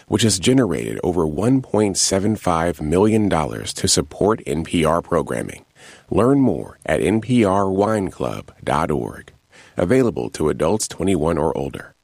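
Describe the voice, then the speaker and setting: A male announcer with a very deep, gravelly voice reads the sponsor credits in an unhurried way, his pitch moving widely. The sound is close and dry. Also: sing-song, a little mellow, no room sound.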